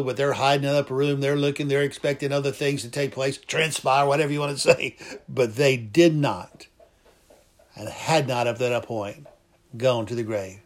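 A man preaching a sermon, fervent and emphatic, repeating phrases for emphasis. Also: medium pitch. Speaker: pastor.

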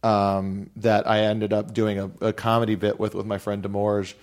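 A man's voice: on the low side, level tone, normal speed, darkish tone. A man co-hosting a casual podcast, telling stories in a rambling way full of "like". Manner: rambling, heavy use of "like". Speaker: podcast co-host.

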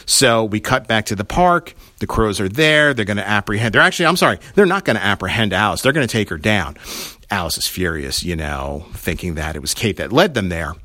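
A man's voice: on the low side, animated, a little fast, bright, forceful tone, no echo, clean studio sound. A man casually recapping a TV episode, rambling and retelling scenes with quoted lines.

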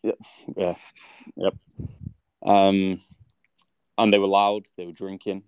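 Rambling man with a low voice. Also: little pitch movement, slow, darkish tone, smooth, no echo, muffled recording. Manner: rambling, stammers, grumbling. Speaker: podcast co-host. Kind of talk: casual chat, storytelling.

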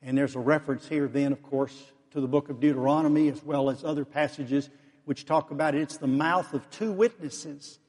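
A man preaching an expository sermon, sometimes acting out the Pharisees' voices with rising pitch. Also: fairly even intonation, brisk, darkish tone. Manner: fillers and restarts, expository. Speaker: pastor. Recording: long hall reverb.

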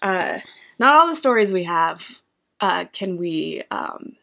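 A woman's voice: lowish voice, takes it slowly, gravelly. A woman co-hosting a casual chat, telling stories with lots of laughter and acted-out reactions. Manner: animated, laughs often, acts out her own reactions.

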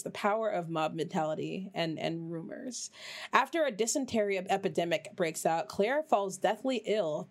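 A woman hosting a podcast in a loose, rambling chat at a medium pitch. She swears freely, and her voice leaps sharply upward whenever she gets heated. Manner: rambling, swears freely, voice jumps high when ranting. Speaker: podcast host. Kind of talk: casual chat.

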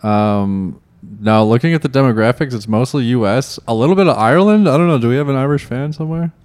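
A man's voice: medium pitch, quick pace, darkish tone. A man co-hosting a podcast, tired and wisecracking in loose banter. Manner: sleepy, wisecracking. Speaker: podcast co-host.

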